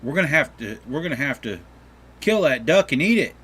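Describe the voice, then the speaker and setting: A man voicing a poor mountain mother who scolds her son, pitched up a little. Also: sing-song, brisk, a bit bright, slightly rough, exaggerated voice. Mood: stern.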